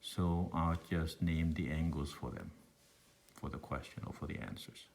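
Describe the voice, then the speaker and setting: A deep-voiced man with a thick Lao accent teaches math for a recorded online class. He thinks out loud, wanders off track and pokes fun at himself. A faint hiss sits under the recording. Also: measured pace, vocal fry. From Laos. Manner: thinking aloud, meandering, self-deprecating asides.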